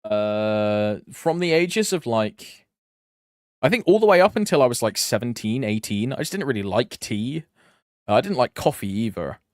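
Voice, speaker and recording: A man's voice: medium pitch, expressive, moderate pace, darkish tone, no echo, studio quality. A young man from Britain chatting casually with his live-stream chat, rambling and humming between lines. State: allergies flaring up.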